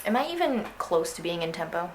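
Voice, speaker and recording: A woman's voice: lowish voice, very animated, fairly quick, over loud music. A young woman teaching an orchestral clarinet excerpt in a casual, chatty way, singing phrases aloud to show them. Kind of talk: instructional music lesson. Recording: echoey room with faint noise.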